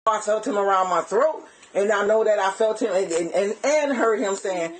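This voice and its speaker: A woman's voice: mid-range voice, normal speed, slight background noise, rough recording. A woman telling a police officer in her bedroom what happened, in a rambling, run-on way with lots of repeats. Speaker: person reporting an assault to police. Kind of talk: recounting events to an officer. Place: bedroom in a home, indoors. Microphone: officer's body camera.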